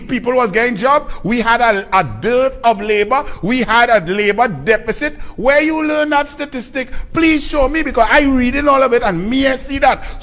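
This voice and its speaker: A man's voice: very high-pitched, fairly bright tone. A man with a Trinidadian accent delivering a scornful, combative political commentary rant.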